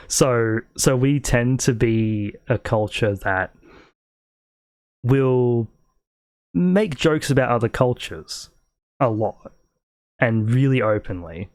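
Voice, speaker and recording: Slow, rambling Australian man. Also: on the low side, animated, dry recording, clean studio sound. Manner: rambling storytelling, laughs often. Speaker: podcast host. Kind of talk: casual podcast chat.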